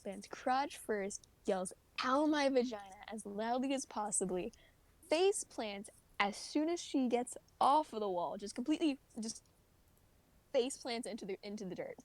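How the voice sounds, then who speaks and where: A woman telling a story on a livestream, animated and often laughing, acting out what people said. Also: fairly high pitch, a little slow, dry recording. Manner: animated, laughing, acts out quoted voices. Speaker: streamer.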